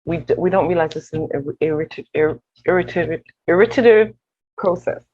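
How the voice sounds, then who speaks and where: A woman guest with a husky voice in a round-table discussion, passionate and full of quick restarts. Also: lowish voice, dull audio. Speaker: wellness program organizer, guest.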